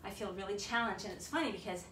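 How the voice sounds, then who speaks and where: A woman's voice: mid-range voice, fast, fairly bright tone, a little hiss or hum. A woman fitness instructor, out of breath, counting reps aloud and cheering viewers on through a bodyweight workout in her home garage. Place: un-air-conditioned home garage. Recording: echoey garage, mic at a distance.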